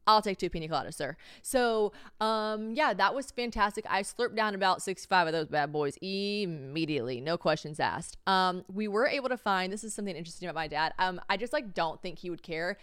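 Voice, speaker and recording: A young woman hosting a podcast, telling a funny story in a loose, chatty way and swearing without a second thought. Her voice is smooth and clear. It is recorded close on a mic in a dry, deadened space. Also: mid-range voice, fairly quick, few pauses, fairly bright tone, dry recording. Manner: chatty, swears freely, bursts into shrieking laughter. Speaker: podcast host. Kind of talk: casual comedic storytelling.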